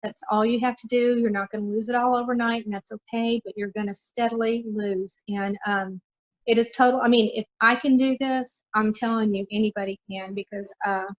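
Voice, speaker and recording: A woman's voice: on the high side, fairly even intonation, fairly quick, highs cut off. A middle-aged woman guest on a podcast, talking in an earnest, encouraging way with lots of fillers. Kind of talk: casual interview talk.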